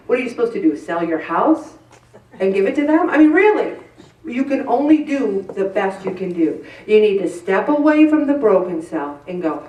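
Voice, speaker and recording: A woman's voice: mid-range voice, sing-song, moderate pace, mellow, distant mic. A woman giving a candid, self-deprecating faith-based talk to a live audience at an event, with playful asides. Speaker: motivational speaker. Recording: roomy sound picked up from afar.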